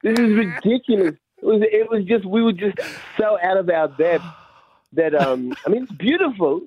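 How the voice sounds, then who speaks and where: Animated comedian telling a self-mocking story. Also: male voice, high voice, moderate pace, a little hiss or hum. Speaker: comedian guest. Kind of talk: storytelling radio interview. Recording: slightly dull radio sound.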